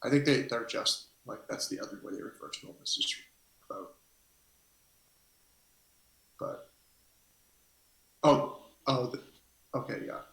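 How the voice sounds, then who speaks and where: Gravelly-voiced male game master, rambling. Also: mid-range voice, normal speed, pauses often, fairly bright tone. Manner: rambling, hesitant, thinks aloud. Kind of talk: narrating a tabletop game on a live stream. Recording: echoey room.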